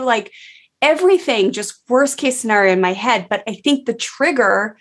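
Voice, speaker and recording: A woman's voice: a little high, lively intonation, normal speed, breathy edge. Chatty mother telling a story. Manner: chatty, lots of filler words. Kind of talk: casual storytelling.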